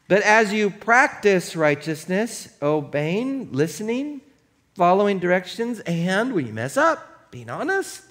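A male pastor preaching a sermon in a loose, conversational way, telling a personal story and breaking into shouts. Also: sits high, unhurried. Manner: animated, conversational, bursts into shouts. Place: church.

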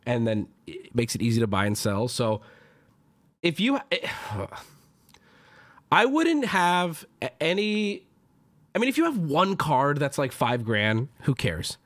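Excitable man streaming with lively pitch. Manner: excitable, bursts into loud pitched-up outbursts, swears casually. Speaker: streamer opening card packs. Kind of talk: casual live-stream chat.

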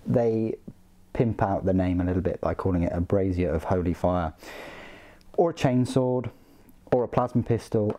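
Low-voiced man, chatty and mellow. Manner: chatty, joking, with many ums and uhs. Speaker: hobby channel host. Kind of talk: casual unboxing commentary.

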